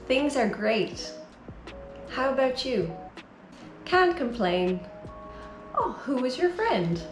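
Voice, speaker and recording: A woman from Ireland with an Irish accent, giving a slow, careful English lesson for beginners and encouraging her learners. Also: mid-range voice, roomy sound. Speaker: English teacher.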